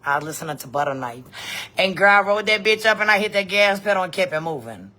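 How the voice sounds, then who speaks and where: A woman, telling a story in a blunt, profane, animated vlog rant. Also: medium pitch, fast talker. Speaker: vlogger.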